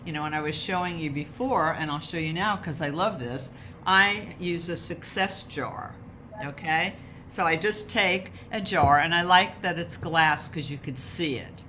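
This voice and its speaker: A woman's voice: sits low, a little slow, pushed and bright, a little hiss or hum. A woman talking about rituals and wellness in a conversation, explaining with emphasis. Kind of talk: conversational advice talk.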